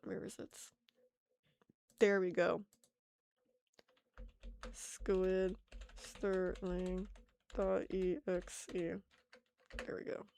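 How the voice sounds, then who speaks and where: A woman's voice: on the low side, level tone, drawn-out words, vocal fry, long pauses, darkish tone, slight background noise. A young woman chatting casually on an art stream, giggling and poking fun at herself as she reads chat aloud.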